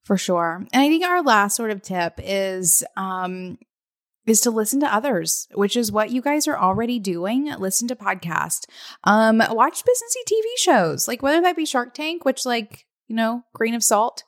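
A woman's voice: on the high side, very animated, normal speed, no room sound. Chatty woman podcast co-host, dry sound. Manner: chatty, softens points with "sort of". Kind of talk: casual podcast chat.

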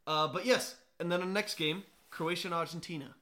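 A man's voice: a little high, fairly quick, bright, forceful tone. A young man co-hosting a sports podcast, chatting enthusiastically and laughing often. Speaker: podcast co-host. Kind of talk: casual sports chat.

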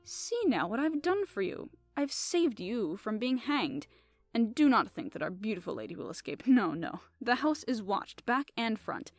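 A woman reading aloud, voicing a fussy, polite middle-aged male detective who speaks with courteous, soft reproof. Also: fairly high pitch, sing-song, moderate pace, no room sound. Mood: explaining.

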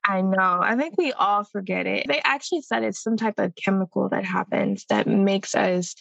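Chatty woman guest, a bit high, lots of fry, dull dry sound. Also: moderate pace, no echo. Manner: laughs often, expressive, asks questions. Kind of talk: casual chat.

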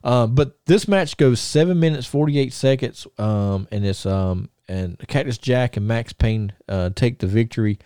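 Podcast co-host, male, mellow warm tone, dry close sound, rambling anecdotal delivery. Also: medium pitch, a little slow, hardly any pauses, clear, resonant tone, no room sound. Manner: rambling storyteller, many restarts and chuckles. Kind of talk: casual chat.

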